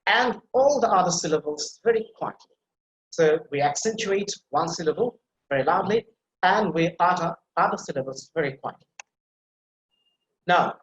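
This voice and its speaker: A man's voice: a little high, roomy sound, slight background noise, poor audio. A man with a Bangladeshi English accent teaching an English pronunciation class over a video call, explaining with many fillers and restarts and calling on students. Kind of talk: online class lecture.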